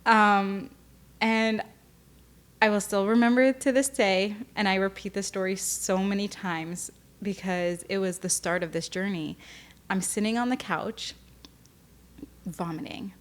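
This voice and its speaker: A woman's voice: medium pitch, fairly even intonation, unhurried. A young woman speaking candidly as a podcast guest, often emotional and tearful, with many fillers. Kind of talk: candid personal interview.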